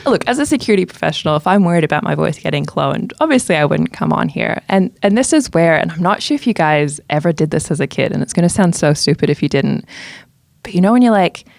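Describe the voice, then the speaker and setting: Woman, security guest on a podcast, lowish voice, dry close mic, animated delivery. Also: gravelly, no echo. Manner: animated, quick bursts of emphasis. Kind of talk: casual podcast chat.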